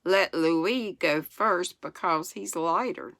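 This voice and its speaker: A woman's voice: on the low side, slow, vocal fry, fairly bright tone, dry recording, studio quality, full character voice. A woman doing a bossy young farm boy.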